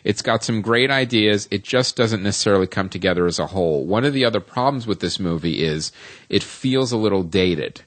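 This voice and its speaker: A man's voice: fairly low pitch, lively intonation, fairly quick, no echo. A man co-hosting a film podcast, reviewing a movie in casual chat, rambling with many ums and restarts.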